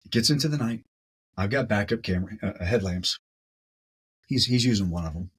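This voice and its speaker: Husky-voiced man telling a story. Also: lowish voice, brisk, rough recording. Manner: animated, repeats words as he tells a story. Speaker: podcast guest. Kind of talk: casual storytelling.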